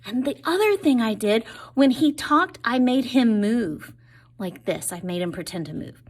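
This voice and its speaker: A woman's voice: on the high side, expressive, moderate pace, a little mellow. A woman teaching a lesson for children in an upbeat, encouraging way.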